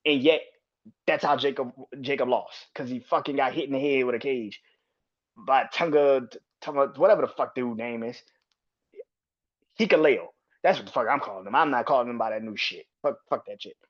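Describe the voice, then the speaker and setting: A man's voice: medium pitch, normal speed. Profane ranting man on a lo-fi mic. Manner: profane, ranting, repetitive restarts. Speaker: podcast host. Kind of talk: solo wrestling review podcast.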